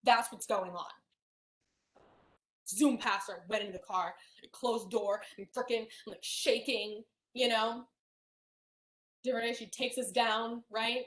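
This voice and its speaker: A young woman with a slightly high voice tells a painful personal story. She halts often and restarts with fillers. The recording has a roomy echo. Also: fairly even intonation, fairly bright tone. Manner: halting, many fillers and restarts. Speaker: hypnosis client. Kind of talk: emotional personal account.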